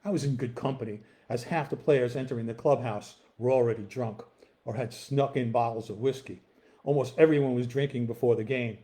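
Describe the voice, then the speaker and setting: A man reading from his own novel in the first person, at an easy, unhurried pace. His voice sits in an ordinary middle pitch, and his reading is relaxed and plain. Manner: relaxed, with fillers in the intro.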